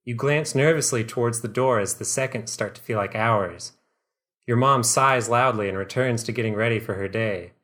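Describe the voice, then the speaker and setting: A man narrates a comedic second-person story on a podcast. His reading is dry and deadpan, at an ordinary mid pitch. He often breaks off into a laugh. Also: moderate pace.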